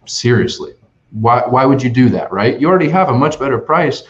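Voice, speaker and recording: A man talking as a sales expert on a webinar, energetic and full of restarts and "right?" tags. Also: medium pitch, fairly quick. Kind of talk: conversational webinar talk. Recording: dull lo-fi online webinar audio.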